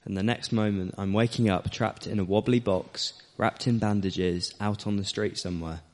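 A man's voice: fairly low pitch, fairly even intonation, normal speed, darkish tone, natural voice. A man playing a young man raised from the dead, telling his story with wonder in a first-person monologue. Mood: amazed. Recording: long hall reverb.

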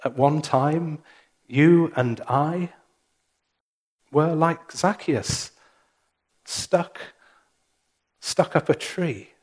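A man, the church's minister, preaching a sermon in a church, with slow, measured delivery and pauses. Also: fairly high pitch.

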